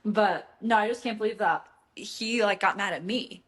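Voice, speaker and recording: A woman's voice: mid-range voice, normal speed, fairly bright tone. A young woman on a casual podcast, telling a story with indignant energy and plenty of "like". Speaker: podcast co-host.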